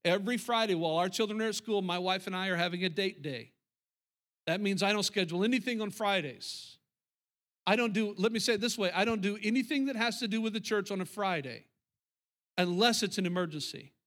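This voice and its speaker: A man's voice: sits high, fairly quick, fairly bright tone. A middle-aged male pastor preaching a sermon, emphatic and repetitive, talking straight to the congregation.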